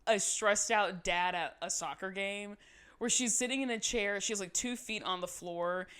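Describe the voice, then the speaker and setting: A woman's voice: medium pitch, normal speed, fairly bright tone, smooth. A woman co-hosting a podcast, recapping a show in casual chat, laughing often and acting out quotes.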